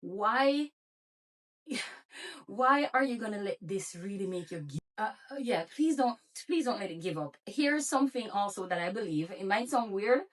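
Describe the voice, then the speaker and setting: A woman's voice: mid-range voice, lively intonation, normal speed, recorded from a distance. A woman with a Jamaican accent, a YouTube creator and therapist, talking in a casual motivational vlog and encouraging viewers with many rhetorical questions.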